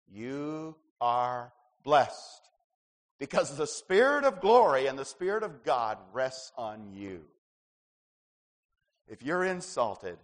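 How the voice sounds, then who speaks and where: A man preaching a sermon as pastor, swinging between loud emphasis and hushed asides. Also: on the high side, in a large hall.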